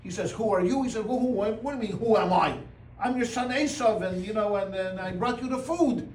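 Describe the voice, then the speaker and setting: A rabbi teaches a lively, storytelling Torah class before a live audience, joking and animatedly voicing the characters with Yiddish exclamations. His higher-pitched male voice moves fairly quickly. He's miked from a distance in a roomy hall, with faint room noise.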